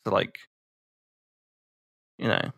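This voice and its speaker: A man's voice: slow pace, a bit bright. A man hosting a podcast with an amused, giggly manner. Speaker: podcast host. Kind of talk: casual chat.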